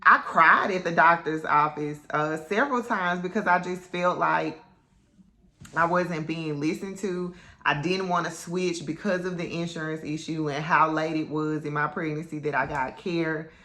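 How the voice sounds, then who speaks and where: A woman's voice: low voice, fairly even intonation, normal speed, bright, forceful tone. A woman telling her own story to camera in a candid, chatty way, with lots of ums and likes. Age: adult mother. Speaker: vlogger. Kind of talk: casual personal storytelling to camera.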